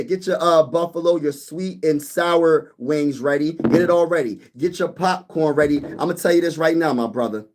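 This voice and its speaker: Animated man hosting a sports live stream. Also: a little high, a little hiss or hum. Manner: animated, reads chat comments aloud and banters. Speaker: sports YouTube host. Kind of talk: casual live-stream chat.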